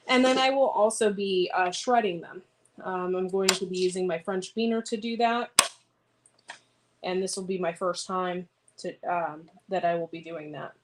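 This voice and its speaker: A woman's voice: on the low side, steady tone, moderate pace. A woman chatting casually on a homesteading vlog, rambling and answering viewer comments while she cuts beans in her home kitchen. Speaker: homesteading vlogger. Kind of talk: casual livestream chat. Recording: clear background noise with clicks.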